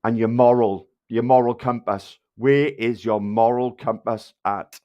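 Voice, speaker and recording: An angry man with a thick South Wales Valleys accent, talking straight to his livestream viewers. He rants and swears freely, hurling insults in a mid-pitched voice. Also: steady tone, measured pace, a little mellow, lo-fi sound. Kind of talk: ranting livestream address to viewers.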